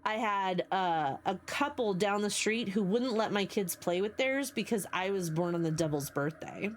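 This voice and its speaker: A woman's voice: mid-range voice, lively intonation, moderate pace, slight background noise. A woman in her forties from the United States, a livestreamer who chats casually with her viewers and rambles through stories while answering chat. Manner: chatty, rambling storyteller, greets and answers chat.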